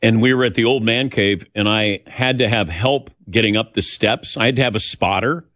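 A man's voice: on the low side, normal speed, a bit bright, no echo. An older man hosting a show, telling personal stories in a chatty, self-deprecating way and acting out the voices he quotes. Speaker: host. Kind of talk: casual storytelling chat.

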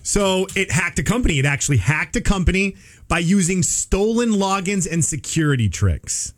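A man's voice: sits high, expressive, moderate pace. A man co-hosting a casual talk show, explaining a news story with everyday analogies. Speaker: podcast co-host. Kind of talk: casual chat.

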